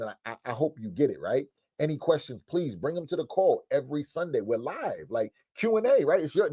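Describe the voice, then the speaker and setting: A man's voice: medium pitch, warm tone, husky, dry recording. A man in his thirties giving a motivational lesson to young people, talking straight at them with street slang and tacking on "right?" again and again. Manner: repetitive, asks "right?" often; street slang, direct address. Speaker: coach.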